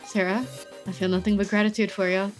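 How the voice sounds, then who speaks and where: A woman's voice: medium pitch, flat delivery, brisk, soft background music, close to an everyday voice. A woman voicing a young male best friend in a game, casual and teasing. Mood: fond.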